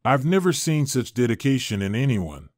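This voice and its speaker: Man voicing a formal, pleased doctor, mid-low voice, dry read. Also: very animated, normal speed, no room sound. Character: upbeat hospital doctor.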